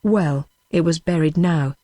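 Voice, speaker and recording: A woman's voice: sits low, a little slow, dry recording. Synthetic British woman narrating a novel. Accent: British English. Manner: even synthetic reading. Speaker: audiobook narrator. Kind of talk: scripted narration.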